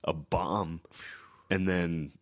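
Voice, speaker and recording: A very low-voiced man in his thirties rambles through a profane story on a casual podcast. He is a stand-up comedian who talks loosely and swears freely. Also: fairly even intonation, very slow. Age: 30s.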